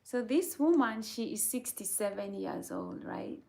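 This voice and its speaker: Gravelly woman giving earnest pep talks. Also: fairly high pitch, expressive, measured pace, warm tone. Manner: earnest, repeats "right?" and "okay?" to check in with viewers. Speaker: channel host. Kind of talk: casual motivational chat while reading viewer comments.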